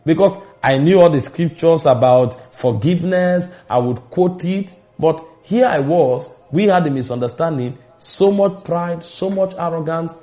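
A Nigerian man preaching in a storytelling way, with sudden emphatic lifts in his voice. His tone is mellow and a little high for a man. The recording sounds muffled and lo-fi. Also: animated, faint music behind. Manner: storytelling preacher, emphatic rises and dramatic pauses. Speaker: pastor. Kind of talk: sermon.

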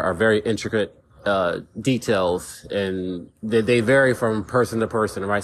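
A man's voice: on the low side, a little hiss or hum. A man hosting a casual solo podcast, rambling and repeating words as he talks things through. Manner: rambling, repeats words, says "you know what I'm saying". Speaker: podcast host.

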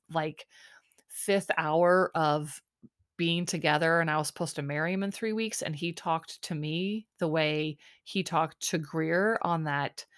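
Woman host, slightly low pitch, casual sarcastic recap monologue. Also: fairly bright tone. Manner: chatty, sarcastic, lots of fillers.

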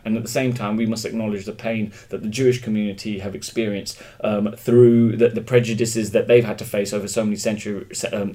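A man's voice: on the low side, mellow. An English man speaking as an interview guest, opinionated and emphatic, thinking aloud with frequent restarts in a casual conversation.

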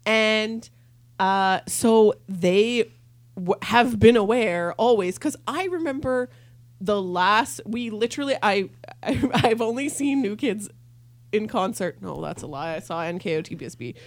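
A woman's voice: medium pitch, animated, a little slow, no echo. Chatty woman podcast co-host. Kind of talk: casual chat.

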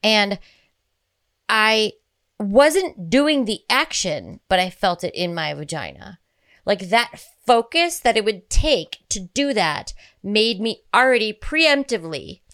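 A woman's voice: medium pitch, very animated, takes it slowly, a bit bright. Giggly, rambling woman podcast co-host. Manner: giggly, rambling, frank and crude. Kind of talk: casual chat.

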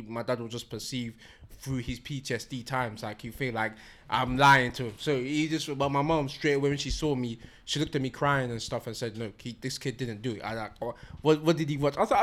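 A man's voice: mid-range voice, fairly bright tone. A young man telling a story in casual chat among friends, slangy and laughing often.

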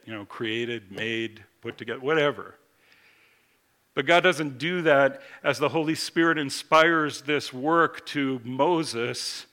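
A man preaching with a bright, forceful voice at a middle pitch. He delivers his sermon deliberately, lingering over quoted verses and pressing hard on his main points. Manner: measured, slows for scripture quotes, builds emphasis.

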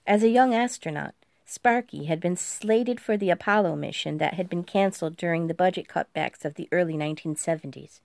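A woman narrating an audiobook in a steady, even storytelling manner. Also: fairly low pitch, brisk, creaky, no echo. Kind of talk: scripted narration.

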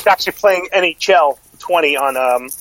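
A man's voice: a little high, normal speed, fairly bright tone, no echo, rough recording. A middle-aged man co-hosting a podcast in casual chat, rambling with lots of fillers and restarts. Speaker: podcast co-host.

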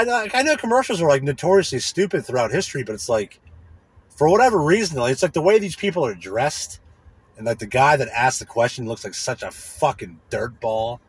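A man's voice: fairly high pitch, slightly rough, no echo. A man hosting a podcast, ranting in a profane, rambling way, often asking "you know what I mean.". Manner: profane, rambling, irritated complaining. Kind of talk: casual rant.

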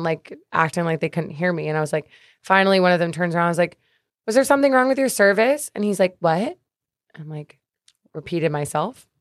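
A woman with a lowish voice tells a story at a close podcast mic, in a dry room. She is animated and swears freely, jumping into the voices of the people she quotes. The talk is loose and chatty. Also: no echo. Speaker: podcast guest. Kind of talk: casual storytelling chat. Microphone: studio podcast mic.

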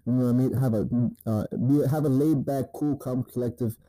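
A man in a casual advice vlog, talking in a very dark, mellow voice. He swears constantly and tacks "man" onto his sentences in a loose, drawling delivery. The sound is dry and close, with no room echo. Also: medium pitch, steady tone, brisk. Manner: crude, profane, repeats "man" often. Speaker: dating advice host.

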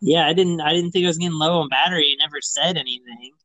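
A man hosting a sports podcast from his computer over a remote call, with an easygoing manner and frequent "uh" pauses. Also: a little high, pushed and bright, no echo, poor audio. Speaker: podcast host. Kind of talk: casual sports chat.

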